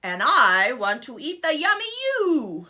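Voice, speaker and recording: A woman acting out a mean old troll, roaring, menacing, loud and bright, lively swooping voice, storybook villain. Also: a little high, measured pace. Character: mean old male troll under a bridge.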